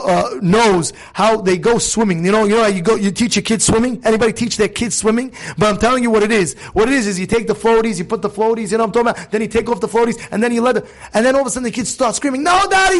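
A man preaching as a rabbi to a live group, emphatic and full of rhetorical questions. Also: sits high. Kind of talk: sermon.

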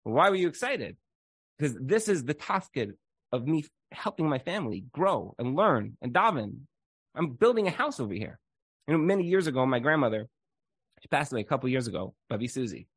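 Brisk and slightly rough, this man's medium-pitched voice carries no room sound at all. In an informal Torah talk he spins lively stories, sprinkles in "like" constantly, and performs the voices of those he quotes.

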